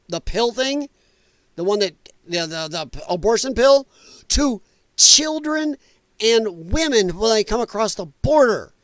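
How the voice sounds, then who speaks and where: A man's voice: sits high, no echo. A man hosting a political podcast, giving blunt, indignant commentary and swearing freely. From United States. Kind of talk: opinionated livestream commentary.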